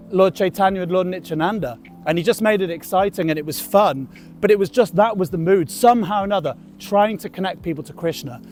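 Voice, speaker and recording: A man's voice: high-pitched, a little mellow. A man who is a monk, greeting passers-by on a city street with cheerful jokes and telling stories about outreach. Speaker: temple monk and street book distributor.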